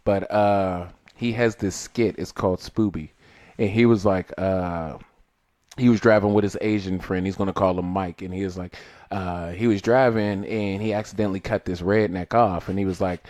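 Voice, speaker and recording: A man co-hosting a podcast in casual banter, telling stories with bursts of laughter and loud put-on voices. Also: low voice, fairly even intonation, moderate pace, dry recording, clean studio sound. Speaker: podcast co-host.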